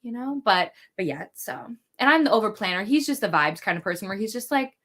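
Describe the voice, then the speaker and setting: A woman chatting casually on a livestream, telling animated anecdotes and quoting people in playful voices. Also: mid-range voice, brisk. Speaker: co-host guest. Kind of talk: casual chat.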